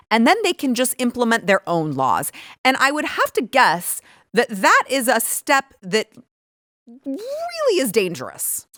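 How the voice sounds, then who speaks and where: American woman host, emphatic opinion talk, mid pitch, dry studio sound. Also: fairly bright tone, no room sound. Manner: emphatic, fast, pushes her points hard. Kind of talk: opinionated political commentary.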